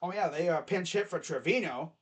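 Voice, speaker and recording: High-voiced excitable sports fan. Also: male voice, a little fast. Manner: excitable, rambling fan chatter. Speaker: streamer giving live baseball reaction. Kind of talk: casual live play-by-play reaction.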